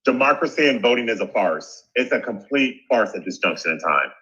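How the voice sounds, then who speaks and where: An angry, indignant man calling in to a talk show, swearing often. His voice is bright and forceful. It comes through a dull, lo-fi line. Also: fairly low pitch, lively intonation, fairly quick. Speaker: caller.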